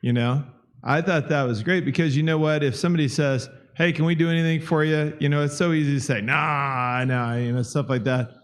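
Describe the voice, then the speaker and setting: A man's voice: on the high side, steady tone, brisk. A man in a church class sharing an example in a casual, rambling way, with many fillers. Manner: chatty, many "you know" fillers. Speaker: class member. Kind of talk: casual group discussion.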